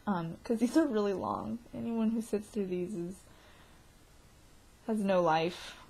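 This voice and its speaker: A woman vlogging a casual video diary, excitable and giggly, rambling from one thought to the next. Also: mid-range voice, unhurried, gravelly, a little hiss or hum.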